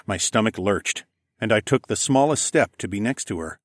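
A man's voice: fairly low pitch, expressive, normal speed, no room sound, studio quality. A man narrating a first-person story in a gritty, profane storytelling manner. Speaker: audiobook narrator.

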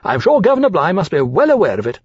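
A man putting on a high, fawning young dragon. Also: rapid-fire, no room sound, exaggerated voice. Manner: ingratiating, eager, smoothly flattering. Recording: slightly dull, dry recording.

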